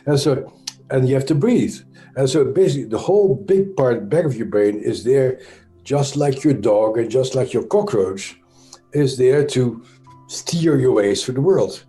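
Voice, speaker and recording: A man with a Dutch accent speaks as an interview guest. His voice is soft and mellow, and he explains at a measured, searching pace with pauses and restarts. The room adds a noticeable echo, and faint music sits in the background. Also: mid-range voice, expressive. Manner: thoughtful, halting, frequent "uh" and self-corrections. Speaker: interview guest, trauma expert. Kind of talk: conversational explanation.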